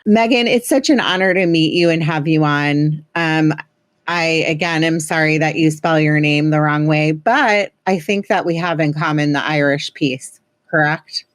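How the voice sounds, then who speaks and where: A chatty woman in her thirties hosts a podcast, her voice sitting a little low. She jokes and teases in a loose, sarcastic way, recorded close and dry with no room sound. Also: normal speed, dry recording. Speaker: podcast host. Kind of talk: casual podcast chat.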